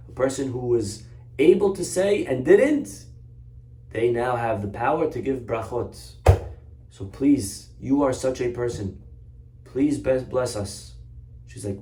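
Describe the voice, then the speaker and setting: A man's voice: medium pitch, normal speed, mellow. A man, a rabbi, teaching a Torah class through an earnest story. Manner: earnest, story-driven, exhorting. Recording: roomy echo, far from mic.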